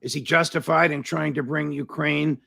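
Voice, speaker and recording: A man's voice: fairly high pitch, steady tone, moderate pace, gravelly, pushed and bright, a little hiss or hum. An older man hosting an interview, introducing his guest and asking long questions in formal, elaborate phrasing. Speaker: host.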